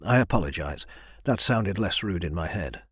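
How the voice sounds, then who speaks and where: A man voicing a friendly young male soldier who talks in a low, easygoing way. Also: lively intonation, moderate pace, breathy edge, no room sound, studio quality. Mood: sheepish.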